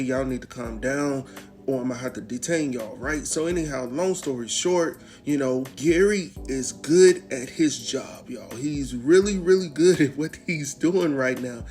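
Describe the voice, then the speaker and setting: A man hosting a casual recap show, retelling a TV episode in an animated, chatty way. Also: on the high side. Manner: chatty, animated retelling with quoted character lines.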